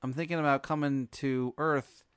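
A man's voice: steady tone, normal speed, smooth, no room sound, clean studio sound, close to an everyday voice. Man putting on Tony Italiano, a pushy, chummy alien. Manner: loud, pushy, casual pitch. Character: chummy brash male alien bandleader.

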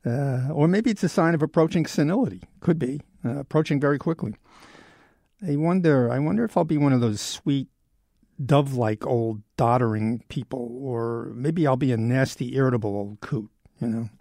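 A man in his early seventies muses aloud in a loose, rambling way, joking at his own expense. His voice has a gravelly, creaky texture at a middling pitch. The sound is dry and close, with no room around it. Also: moderate pace, warm tone, no echo. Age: 70s. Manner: rambling, self-deprecating, wry. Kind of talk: casual monologue.

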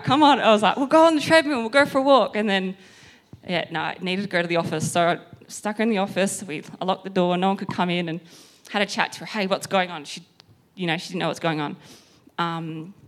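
A woman tells her story with bubbly energy. She laughs between lines and swings her voice up high whenever she acts out what someone said. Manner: laughs often, high excited acted quotes. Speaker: personal trainer sharing a testimony. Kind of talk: animated storytelling.

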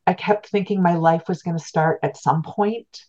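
Low-voiced woman telling a heartfelt story. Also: fairly even intonation, normal speed, a little mellow. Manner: earnest, reflective, repeats words as she restarts. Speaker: podcast guest, spiritual teacher. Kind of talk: storytelling in an interview. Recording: dull lo-fi sound.

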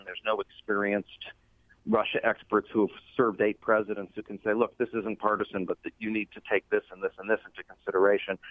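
A man's voice: fairly low pitch, no echo. A man being interviewed, arguing his point earnestly with many ums and uhs. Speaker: interview guest. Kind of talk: phone interview, impassioned argument. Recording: tinny phone line.

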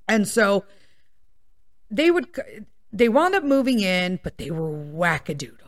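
A woman hosting a podcast tells a story from her own life in a loose, chatty way. She swears freely, wanders off on tangents and keeps checking in with her listeners. Her voice sits at an ordinary pitch for a woman. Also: very animated, moderate pace, gravelly. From Chicago area, USA. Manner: swears a lot, rambling tangents, keeps checking in with "okay?" and "right?". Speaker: podcast host. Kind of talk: casual personal storytelling.

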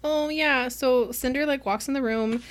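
A woman co-hosting a casual book club podcast, retelling scenes in an animated way and acting out the characters' lines. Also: high voice, moderate pace. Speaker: podcast co-host.

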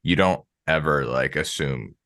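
A low-pitched American man hosts a podcast, his tone bright and forceful. He talks in a loose, rambling way, full of filler words. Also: unhurried. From United States. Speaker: podcast host. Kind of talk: casual interview chat.

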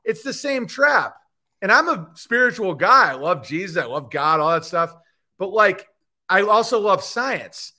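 A man, a comedian guest on a podcast, ranting in a profane, animated way and slipping into mocking voices. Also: high voice, unhurried. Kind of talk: animated podcast chat with comic bits.

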